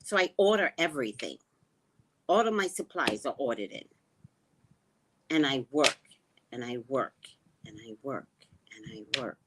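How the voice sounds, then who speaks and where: A woman running a spiritual vlog, talking slowly and reflectively and often dropping to a hushed tone. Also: very deep voice, animated, noisy background. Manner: slow, musing, often drops to a hushed tone. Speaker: spiritual reader and vlogger. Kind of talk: reflective personal talk. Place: living in the Caribbean.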